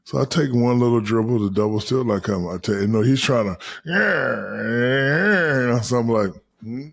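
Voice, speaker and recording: Husky-voiced man telling profane stories. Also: fairly low pitch, fast. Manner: animated, profane, acts out quotes. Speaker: guest, retired basketball star. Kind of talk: casual storytelling.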